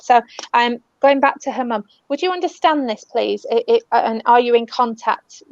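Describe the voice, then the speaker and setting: A British woman working as a spiritual medium, giving a gentle live reading and calling people love and darling. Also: a little high, normal speed, no echo. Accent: British English. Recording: dull, dry lo-fi audio.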